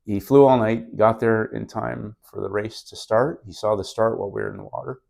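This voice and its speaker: A middle-aged man, a guest on a podcast, speaks with a somewhat low voice. He tells his story in an earnest, reflective way, like a relaxed conversation. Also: brisk, gravelly. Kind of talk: casual interview storytelling.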